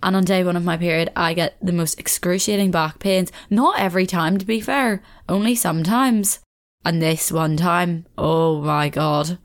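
A woman's voice: on the low side, fairly even intonation, normal speed. A young woman with a Belfast accent hosting a casual solo podcast, chatting in a rambling way with frequent laughs. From Northern Ireland. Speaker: podcast host.

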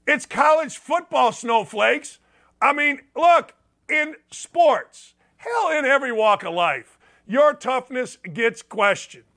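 Sports radio host, a man with a high, bright voice, blunt and sarcastic, lively delivery. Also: takes it slowly. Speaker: sports talk show host. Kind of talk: opinionated sports talk monologue.

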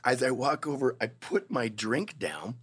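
A man's voice: mid-range voice, big pitch swings, unhurried, a bit bright, slightly rough. A middle-aged man from Canada, a guest in an interview, telling a wild anecdote with heavy swearing and acting out other people's voices. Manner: profane, vivid storyteller who acts out other people's voices. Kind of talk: animated anecdote in casual interview.

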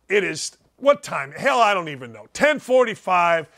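Loud, mocking older sports talk host. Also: male voice, very animated, moderate pace, hardly any pauses. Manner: loud, mocking, dips low and drawn out for emphasis. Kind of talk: opinionated sports talk rant.

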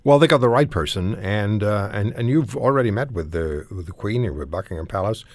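A man from Canada hosting a radio talk show, animated and rambling as he searches for words. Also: lowish voice, a little fast, no room sound.

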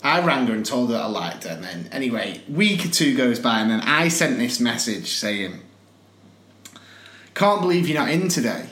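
A man's voice: mid-range voice, lively intonation, a little fast, hardly any pauses, bright, forceful tone. Laughing man telling a story. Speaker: podcast co-host. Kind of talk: casual banter. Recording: echoey room.

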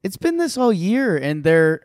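A man's voice: sits high, big pitch swings, moderate pace, darkish tone, no room sound, clean studio sound. A man co-hosting a casual sports podcast, easygoing and upbeat, often restarting his sentences. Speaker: podcast co-host.

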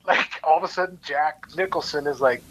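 Animated man telling a set story. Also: a little high, a little fast, slight background noise, rough recording. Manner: animated storyteller, acts out quoted voices, laughs often. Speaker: actor guest. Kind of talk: casual anecdote-telling.

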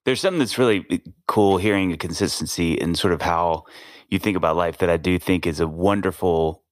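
A middle-aged man with a very deep voice hosts a podcast, thinking aloud in long, rambling sentences. The recording is dry and close. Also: a little fast, dry recording. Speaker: podcast host. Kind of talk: casual interview chat.

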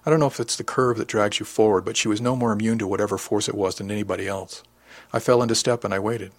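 A man reading a first-person novel as an audiobook narrator, measured and close to the mic. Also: fairly low pitch, steady tone, no room sound.

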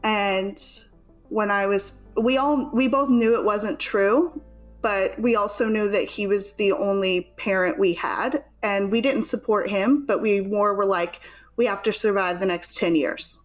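A young woman, a guest in an interview, recounting her past in a casual, halting way with many fillers. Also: mid-range voice, faint music behind. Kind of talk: personal storytelling in conversation.

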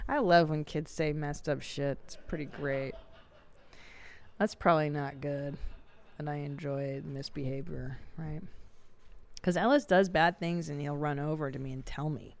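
Gravelly low-ish woman host, blunt and sweary, dry close sound. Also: unhurried, no echo. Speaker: podcast host. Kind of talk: casual podcast chat.

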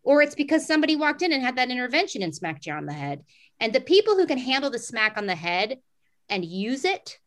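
Lively, bright-voiced woman host. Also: mid-range voice. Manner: animated and excitable, swears freely, acts out her own thoughts. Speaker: podcast host. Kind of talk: casual conversation about screenwriting.

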